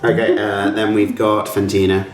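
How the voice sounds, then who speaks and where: A man's voice: fairly low pitch, flat delivery, moderate pace, soft background music. A man running a tabletop game as game master, hesitant, with many fillers and restarts. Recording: roomy distant mic with faint room noise.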